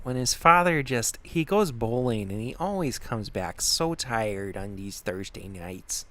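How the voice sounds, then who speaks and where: A harried Australian housewife rambles through her worries, going over the same complaints again and again in a put-on Australian accent, as a man voices her. The pitch stays at an everyday level, and the whole bit is played as a comic character sketch. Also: fairly bright tone, natural voice. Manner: fretting, rambling and repetitive.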